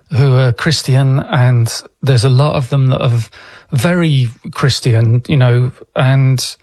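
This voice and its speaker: A man giving calm, earnest explanations as an interview guest, often restarting his sentences mid-thought. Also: medium pitch, no room sound.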